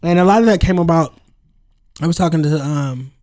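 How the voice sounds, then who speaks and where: A man's voice: a little high, brisk, no echo, studio quality. A man co-hosting a podcast, telling stories in casual, slangy chat full of "like" and "you know". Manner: storytelling, animated, slangy, lots of "like" and "you know". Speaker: podcast co-host.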